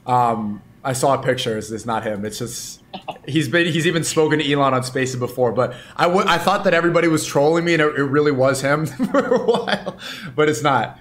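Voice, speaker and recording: A man in a casual online audio chat, talking in a rambling, halting way. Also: mid-range voice, animated, fairly bright tone, slight background noise.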